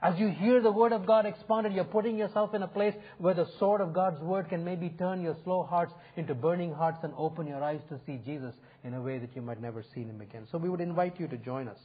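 A man's voice: a little high, brisk, hardly any pauses, husky. A male pastor preaching a sermon in an earnest, inviting way, swelling and dropping his emphasis. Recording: phone-like narrow sound.

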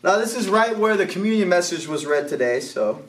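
A man preaching a sermon. He tells a story in a lively way, laughs along, and shouts his calls to action. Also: high voice, fairly quick. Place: church hall. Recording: roomy, distant church mic.

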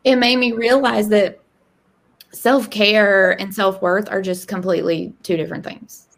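A woman's voice: unhurried, gravelly. A woman in her thirties telling a candid personal story in casual conversation, acting out quoted lines. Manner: animated, acts out quoted dialogue with rising pitch. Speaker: podcast guest.

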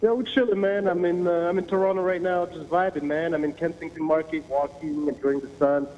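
A man's voice: on the high side, fairly even intonation, fairly quick, mellow, slight background noise. Laid-back man over a dull phone line. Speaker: friend called on the phone. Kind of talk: casual phone chat. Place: outdoors in a city market. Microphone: phone call played through speaker. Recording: dull lo-fi phone audio in a reverberant room.

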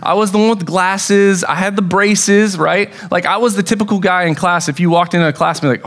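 Young American male pastor, slightly raised pitch, casual storytelling sermon with excited bursts. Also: brisk, few pauses.

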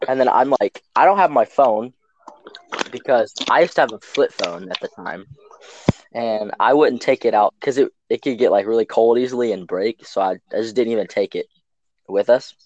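A man's voice: lowish voice, fairly quick, a little mellow, dull audio, slight background noise. Young man telling a rambling story. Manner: rambling, many fillers and restarts. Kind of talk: casual storytelling.

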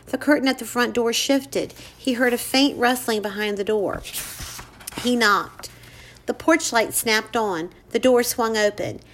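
Female storyteller, measured suspenseful narration, slightly high. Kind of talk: scripted narration.

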